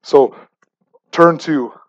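Man preaching, high-pitched voice, conversational, stammering restarts, emphatic. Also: extremely slow, highs cut off. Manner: repeats words as he starts phrases, conversational and emphatic. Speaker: pastor. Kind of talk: sermon.

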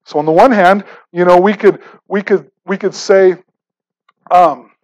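Man preaching, high-pitched voice, conversational, stammering restarts, emphatic. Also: steady tone, unhurried, darkish tone, rough recording. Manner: repeats words as he starts phrases, conversational and emphatic. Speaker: pastor. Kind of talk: sermon.

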